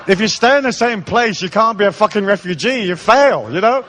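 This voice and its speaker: Lively, irreverent male seminar speaker. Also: high voice, fairly quick, few pauses, a little hiss or hum. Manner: irreverent, swears freely, playful storytelling. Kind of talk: live seminar talk. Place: live seminar before an audience.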